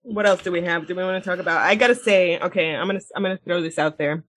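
A woman co-hosting a casual podcast, recapping a TV episode in a blunt, animated way, swearing a lot and laughing as she talks. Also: on the low side, fast. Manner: laughs often mid-sentence. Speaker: podcast co-host. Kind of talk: casual chat, retelling a TV episode.

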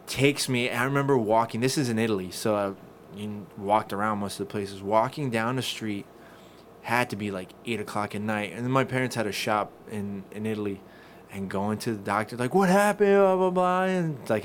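A man co-hosting a podcast, telling stories in casual chat, animated and swearing freely. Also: on the low side, a little hiss or hum. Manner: profane, animated storyteller. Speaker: podcast co-host.

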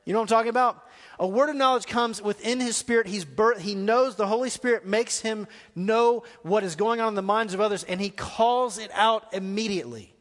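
A man's voice: high voice, brisk, fairly bright tone, big-room sound. A man preaching a live sermon as pastor, asking the congregation questions as he goes. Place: church hall.

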